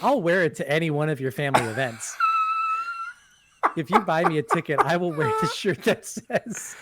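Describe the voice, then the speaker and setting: A man's voice: a little high, expressive, moderate pace, heavy background noise. A man co-hosting a casual livestream, joking in dry, teasing banter. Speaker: co-host and staff member.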